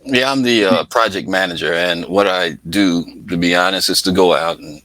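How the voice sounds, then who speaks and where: A man's voice: deep voice, normal speed, bright, forceful tone, no room sound, poor audio. A middle-aged man from Atlanta, a guest in an interview, telling stories in a chatty way, laughing often and acting out voices. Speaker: interview guest, music project manager. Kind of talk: casual storytelling interview.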